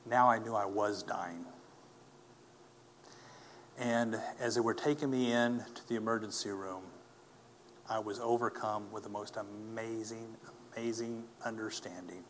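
A low-voiced man recounts his testimony earnestly, pausing and restarting often. A faint hiss of noise sits under his voice. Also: fairly even intonation, fairly bright tone. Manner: earnest, halting, with many fillers and restarts. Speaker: speaker telling his testimony. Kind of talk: personal testimony talk.

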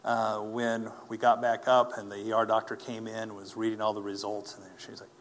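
A man's voice: lowish voice, moderate pace, slight background noise. Earnest man telling his testimony. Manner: animated, acts out the people he quotes; earnest, speaks of faith. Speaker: speaker giving a personal testimony. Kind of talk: personal testimony storytelling.

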